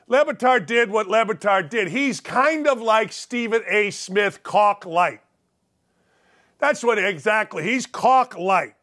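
Guy hosting a sports talk show, pretty high voice, blunt and sweary, just ranting. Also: a little slow, bright, forceful tone. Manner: blunt, profane, combative ranting. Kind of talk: opinionated sports talk rant.

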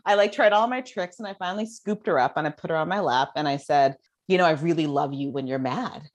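A woman's voice: deep voice, fast talker. A middle-aged woman, a guest author, chatting casually in an interview and telling stories with many fillers. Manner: animated storytelling with many fillers. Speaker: guest, child development author.

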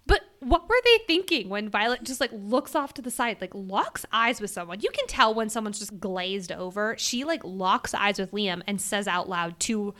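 A young woman co-hosting a casual book podcast, animated and laughing often, with some swearing, talking into a microphone. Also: medium pitch, normal speed, few pauses. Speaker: podcast co-host. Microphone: studio microphone.

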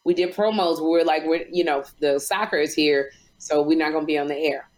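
A woman co-hosting a casual chat, animated and excitable. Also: deep voice, a little fast. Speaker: co-host.

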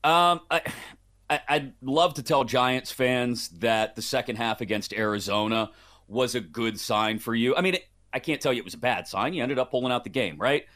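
Male guest handicapper, middle pitch, measured, thinks aloud. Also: fairly bright tone. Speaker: sports betting guest analyst. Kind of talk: podcast sports betting talk.

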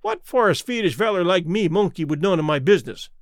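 A man voicing a stubborn middle-aged Scandinavian sailor with thick accented English who grumbles slowly about his boat. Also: high voice, expressive, no room sound, clean studio sound. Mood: dismayed. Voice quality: thick Scandinavian-flavored English, "der" and "tank".

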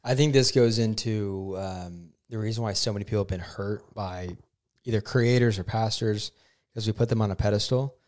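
A man, a pastor co-hosting a podcast, talking thoughtfully in casual chat and pausing to find his words. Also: on the low side, darkish tone. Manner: thoughtful, searches for words with ums.

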